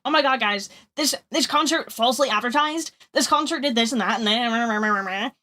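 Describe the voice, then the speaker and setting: An indignant middle-aged mother complains in a shrill, raised voice, as a woman streamer mocks her. Her tone is whiny and put-upon. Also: moderate pace, sharp tone. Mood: outraged.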